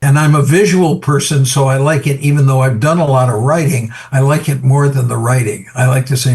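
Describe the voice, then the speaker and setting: An older American photographer in an interview, talking reflectively and acting out little scenes in a lively voice. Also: male voice, a little fast, hardly any pauses. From United States. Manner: animated storyteller, acts out quoted voices with big pitch jumps. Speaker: photographer guest.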